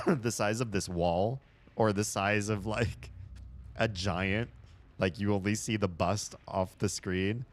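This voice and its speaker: A young man with a deep, low voice talks his way through a horror game in loose, casual commentary. He swears freely and laughs at his own jokes as he goes. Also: slow, pauses often. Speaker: streamer playing a horror game. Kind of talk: casual let's-play commentary.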